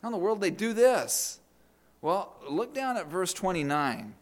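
A man's voice: high-pitched, sing-song, normal speed. A middle-aged man preaching a sermon, telling family stories and often repeating words as he restarts a thought. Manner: storytelling with acted quotes, repeated words. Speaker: pastor.

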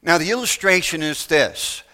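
Male preacher, bright tense tone, slightly high voice, sermon with homespun examples. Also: expressive. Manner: folksy illustrations, emphatic pauses.

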